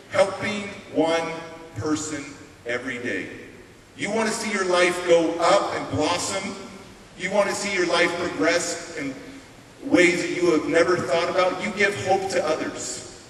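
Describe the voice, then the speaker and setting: A man giving a motivational stage speech, telling his story emphatically with dramatic pauses. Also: sits high, fairly bright tone. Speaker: motivational speaker. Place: large hall on stage. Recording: echoey hall from far off, hiss.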